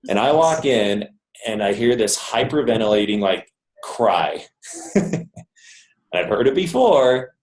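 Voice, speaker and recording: Man with a low, echoey voice. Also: very animated, slow, pauses often, darkish tone. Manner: conversational, jokey, keeps checking in with "okay?". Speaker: motivational speaker. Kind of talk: storytelling talk to a live audience. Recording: roomy echo.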